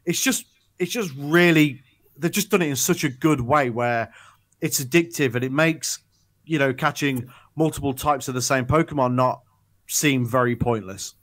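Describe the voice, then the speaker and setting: Rambling through a casual chat full of ums and restarts, a man co-hosts a gaming podcast. His voice sits at medium pitch, somewhat bright, at a moderate pace.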